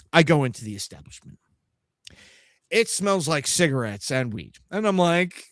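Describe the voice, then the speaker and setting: A man hosting a live podcast, telling a trip story in a profane, animated way and acting out the other people's voices. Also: on the high side, normal speed, dry recording, studio quality. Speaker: podcast host.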